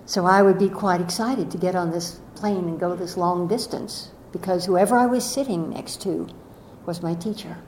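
An older woman telling a reflective spiritual story slowly and gently, her voice often trailing off softly. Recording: echoey room with faint rumble.

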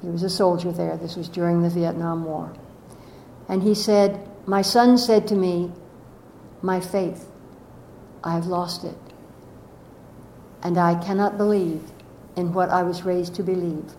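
Gentle older woman, echoey room. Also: steady tone. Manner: slow, gentle, softly trailing off. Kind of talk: reflective spoken storytelling. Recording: echoey room with faint rumble.

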